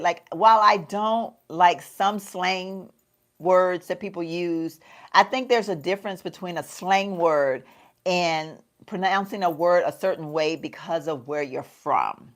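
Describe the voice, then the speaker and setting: A woman with a Southern US accent chatting casually to her viewers while she does her makeup, folksy and quick to laugh. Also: on the low side, a bit bright. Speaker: lifestyle vlogger.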